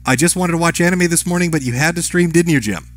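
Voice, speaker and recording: Guy on a live stream reading chat messages out loud, kinda high voice, dead dry mic, quick offhand replies. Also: no echo. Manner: reads chat names and messages aloud, brief offhand replies.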